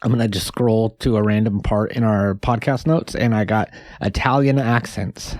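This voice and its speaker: Deadpan male comedy podcast host. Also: fairly low pitch, moderate pace, no room sound, studio quality. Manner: deadpan joking, rambling with fillers. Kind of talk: casual comedy chat.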